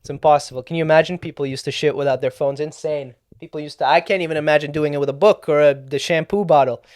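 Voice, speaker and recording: A man's voice: on the high side, fairly even intonation, fast, a little mellow, dry recording, studio quality. A young adult man, a comedian, ranting alone on his podcast in a put-on New York accent, profane and sarcastic, laughing at his own jokes. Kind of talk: solo podcast rant.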